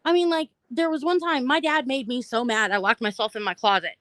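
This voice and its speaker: A woman's voice: sits high, fairly quick, a bit bright, no room sound. A woman, openly and talkatively telling her own story to viewers on a live stream. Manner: open, talkative, addresses viewers directly. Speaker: host of a live stream about mental health. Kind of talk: personal storytelling, casual chat.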